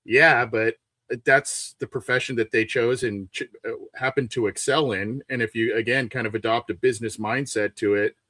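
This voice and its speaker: A man's voice: mid-range voice, steady tone, moderate pace, sharp tone, no echo, studio quality. Hesitant man in casual sports chat. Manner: hesitant, many fillers and restarts. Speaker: guest sports podcaster.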